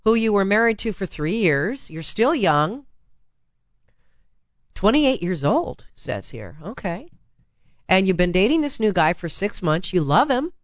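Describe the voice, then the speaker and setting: A woman hosting a talk radio advice show, chatty, blunt and teasing, with a raspy, hoarse voice from laryngitis, talking into a studio microphone. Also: medium pitch, sing-song, unhurried, dry recording, dull audio.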